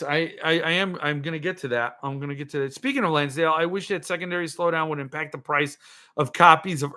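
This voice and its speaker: A man's voice: fairly high pitch, sharp tone. A man hosting a livestream, ranting sarcastically and answering viewer comments in casual chat. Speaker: podcast host.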